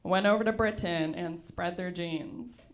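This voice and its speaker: A woman's voice: fairly low pitch, a little slow. A young woman doing a teasing, self-deprecating stand-up set on a club stage, laughing at her own jokes. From Sweden. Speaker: stand-up comedian. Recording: noisy live club recording. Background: audience laughter.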